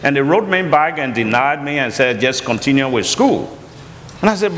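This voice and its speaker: A man's voice: lively intonation, normal speed, fairly bright tone. Earnest Liberian man in a hall. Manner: earnest, rises high when quoting others. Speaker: college founder and chapel guest. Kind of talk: storytelling testimony on stage.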